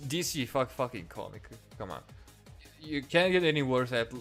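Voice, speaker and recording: A man reviewing comics in a profane, exasperated and sarcastic rant. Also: medium pitch.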